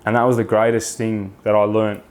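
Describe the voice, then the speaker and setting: A man's voice: fairly low pitch, level tone, fairly quick, darkish tone. A man with an Australian accent, a podcast guest talking frankly in casual chat, swearing freely and restarting his sentences often.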